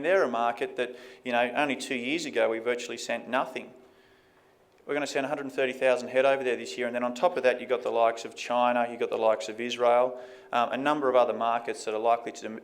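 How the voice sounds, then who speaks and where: Australian man giving a conference talk. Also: medium pitch. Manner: conversational, fillers like "you know". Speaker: economist giving a presentation. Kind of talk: conference presentation.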